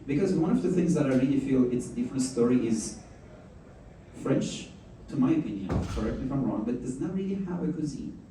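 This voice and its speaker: Guy hosting a fireside chat, dark voice, jokey, sounds far off in a big echoey room. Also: mid-range voice, expressive, fairly quick, slight background noise. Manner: chatty, jokes, many restarts. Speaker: host. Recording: echoey hall, mic at a distance.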